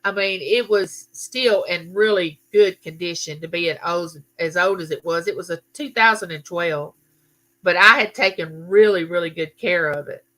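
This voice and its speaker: Bright-voiced chatty woman. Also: lowish voice, normal speed. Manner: chatty storytelling, answers viewer comments. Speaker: livestream host. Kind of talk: casual live chat.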